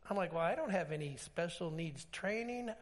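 A man pastor preaching a sermon, telling stories with acted-out dialogue and emphatic swings in pitch. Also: expressive, normal speed. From Alaska.

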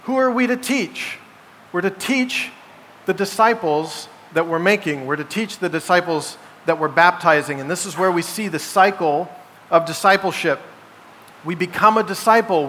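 A male pastor with a high, forceful voice preaches to his congregation, stressing his points and asking rhetorical questions. The sound carries the long reverb of a large church sanctuary. A faint hum of background noise sits under it. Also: normal speed. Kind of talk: sermon.

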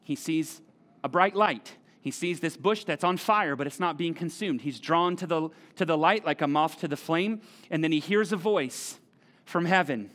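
A man's voice: fairly high pitch, normal speed, a bit bright. A middle-aged man preaching a sermon in a church, talking conversationally and repeating key phrases for emphasis. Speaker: pastor. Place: church auditorium.

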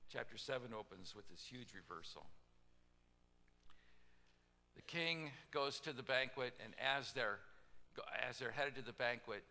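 Male pastor, bright forceful voice, animated storyteller, sermon in a big echoing hall. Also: medium pitch, normal speed. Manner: animated storytelling with casual asides and voiced quotes.

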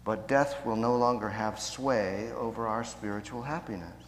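A man preaching a sermon in a measured way, slowing down to stress key phrases. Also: fairly low pitch, in a large hall. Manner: measured, slows down for emphasis.

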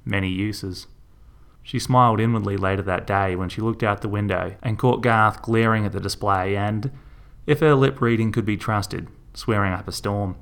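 Brief: male storyteller, lowish voice, dry and steady. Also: normal speed, creaky. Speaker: narrator.

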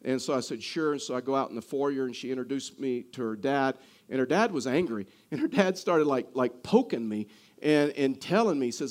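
A man's voice: mid-range voice, animated, a little fast. A male pastor preaching a sermon, earnest, often repeating and restarting his words.

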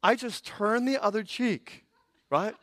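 High-voiced, animated male preacher. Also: slow, dry recording. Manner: animated comic storytelling. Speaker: pastor. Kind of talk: sermon.

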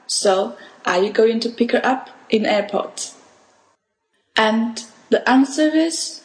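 Slow, careful woman teaching a language. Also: fairly high pitch, echoey room, poor audio. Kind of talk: podcast language lesson.

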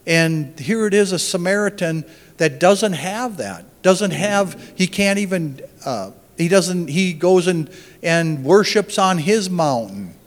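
Guy teaching from the bible, slow and halting, lots of restarts, reverby hall sound. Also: sits high, expressive. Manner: halting, restarts phrases, thinks aloud.

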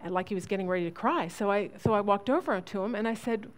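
A woman teaching other women in a sermon, telling a family story earnestly, with halting restarts. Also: medium pitch. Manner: earnest storytelling, acts out quoted voices.

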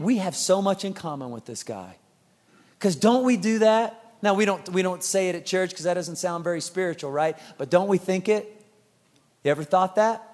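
A man in his thirties preaching a sermon, telling stories with humor and acting out family scenes. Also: high-pitched. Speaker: pastor. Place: church sanctuary. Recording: long church hall reverb.

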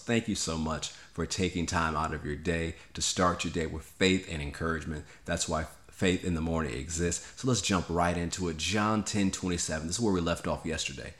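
A man with a low voice delivers a morning devotional as pastor and host. He preaches with emphatic, rising declarations and leads listeners to repeat lines after him. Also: a bit bright.

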